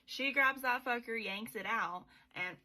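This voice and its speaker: A young woman with a bright, lively tone and a slightly high voice, recapping a book for a podcast. She talks in a loose, chatty way, full of swearing and offhand asides. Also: a little slow, rough recording. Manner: chatty, profane, irreverent. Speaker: podcast host.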